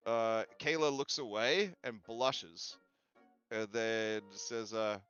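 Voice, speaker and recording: A man narrating a tabletop game as game master, relaxed and full of fillers. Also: on the low side, slow, clear, resonant tone. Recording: dull lo-fi with faint music.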